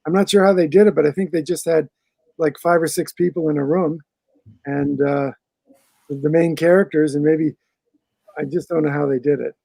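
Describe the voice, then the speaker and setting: A man's voice: on the high side, steady tone, normal speed, gravelly, pauses often, dark tone, dry recording, rough recording. A man, an author being interviewed on a video call, answering casually and often restarting his sentences as he thinks. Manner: rambling, restarts phrases while thinking. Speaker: author guest.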